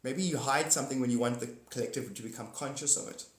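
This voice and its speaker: In an echoey room, a mid-range male voice hosts a livestream at a quick pace, chatting casually with viewers by name, laughing frequently, and leaping from one topic to another.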